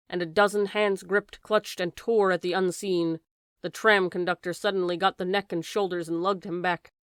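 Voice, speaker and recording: Low-voiced woman reading a classic novel. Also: smooth, no echo, clean studio sound. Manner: raises voice sharply for shouted lines. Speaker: audiobook narrator. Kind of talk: dramatic audiobook reading.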